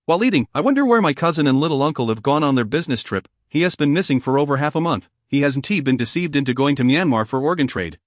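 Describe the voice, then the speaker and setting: Man reading a novel, dry and steady. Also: fairly high pitch, fast, few pauses, no room sound. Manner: even, steady reading that voices every character alike. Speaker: narrator. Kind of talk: scripted audiobook narration.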